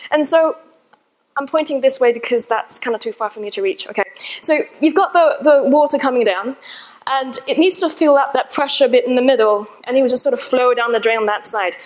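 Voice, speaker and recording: A woman's voice: high voice, rough recording. A woman giving a talk to a live audience, telling a personal story in a chatty, self-deprecating way and laughing at herself. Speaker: conference speaker.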